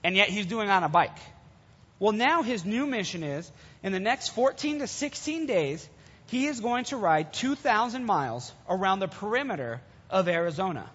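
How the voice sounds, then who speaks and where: A man gives a sermon to young listeners in a loose, storytelling manner, his voice high and husky. The recording is dull and carries the long reverb of a big hall. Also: big pitch swings, moderate pace, a bit bright. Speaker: youth preacher. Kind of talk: sermon retelling a Bible story.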